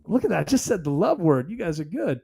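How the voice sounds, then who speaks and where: A man's voice: high-pitched, big pitch swings, quick pace, creaky, warm tone, husky. A man hosting a solo commentary podcast, talking emphatically in a rambling, conversational way. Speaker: podcast host.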